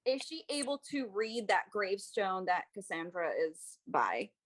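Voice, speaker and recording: A woman's voice: medium pitch, big pitch swings, a little slow. A woman playing a tabletop game, describing her character's moves in a rambling, giggly, hesitant way. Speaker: player. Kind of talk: casual tabletop game play.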